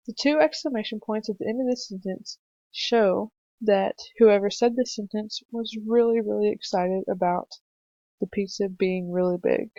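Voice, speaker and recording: A woman's voice: mid-range voice, fairly even intonation, warm tone, dry recording. Young woman explaining a lesson patiently. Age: young adult. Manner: slow, patient explaining with fillers. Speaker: student teacher presenting a lesson. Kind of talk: narrated screencast lesson for children. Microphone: computer mic for a screencast. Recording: dry, slightly dull home mic recording.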